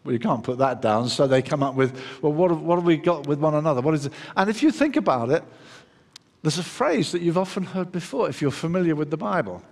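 Guy preaching a sermon, kinda high voice, lots of hall echo, acts out the quotes. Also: fast, vocal fry. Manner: animated, acts out quoted voices, frequent restarts. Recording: long hall reverb.

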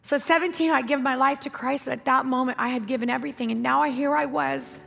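A woman's voice: high-pitched, steady tone, fast talker, gravelly, fairly bright tone. A woman pastor preaching a sermon, telling a personal story in an emphatic, conversational way with repeated phrases. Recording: long hall reverb with music behind.

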